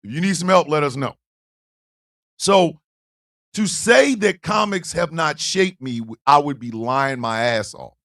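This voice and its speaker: A man hosting a livestream, chatting casually with his audience in loud, animated, profane banter with frequent laughter. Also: on the high side, unhurried. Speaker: livestream show host. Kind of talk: casual livestream talk, reacting to chat.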